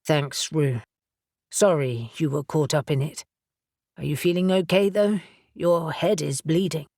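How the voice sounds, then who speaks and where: A woman's voice: sits low, a little slow, darkish tone, no room sound, clean studio sound. A woman voicing a composed, proud male warlock who talks in a firm, clipped way.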